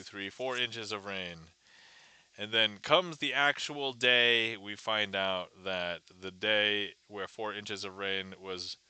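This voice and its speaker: Streamer host, male, lower-pitched with a very bright, crisp tone; chatty, greets viewers by name. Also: no room sound. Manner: chatty, greets viewers and reads chat aloud. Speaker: livestream magician. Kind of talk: casual livestream chat.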